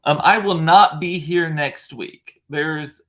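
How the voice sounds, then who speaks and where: A man's voice: fairly high pitch, slow pace, a bit bright, slight background noise. Chatty man rambling casually. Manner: rambling, chatty, often restarts and corrects himself. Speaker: vlogger. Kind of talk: casual solo chat reading live comments.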